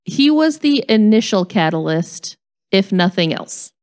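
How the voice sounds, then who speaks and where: A woman's voice: medium pitch, sing-song, a little slow, darkish tone. Woman telling a self-mocking story. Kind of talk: casual storytelling chat.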